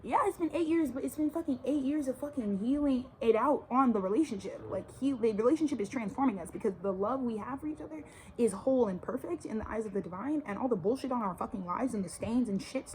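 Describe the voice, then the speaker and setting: Woman in her twenties, rapid-fire talker, fairly high voice, profane and emphatic, casual rant. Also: darkish tone, slight background noise. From Texas. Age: 20s. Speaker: vlogger. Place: outdoors by a suburban yard.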